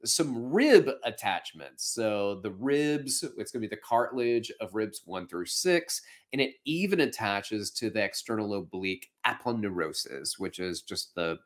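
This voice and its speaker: A man hosting a podcast and teaching anatomy in a folksy, chatty way. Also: medium pitch. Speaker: podcast host and fitness instructor. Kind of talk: casual anatomy lesson.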